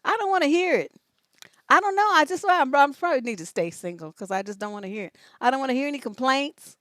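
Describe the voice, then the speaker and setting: Blunt, profane woman with a high voice. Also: expressive, fast, a bit bright, no echo. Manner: blunt and profane, joking, reads questions aloud. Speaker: relationship coach answering viewer questions. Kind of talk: casual livestream advice chat.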